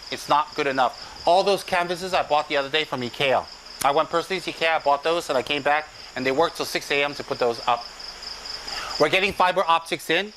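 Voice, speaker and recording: A man's voice: a little high, a little hiss or hum, low-quality recording. A man, a Buddhist monk, talking casually to a group outdoors at a forest retreat, chatty and joking. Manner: chatty, joking, animated storytelling. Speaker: Buddhist monk, spiritual teacher. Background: crickets and insects.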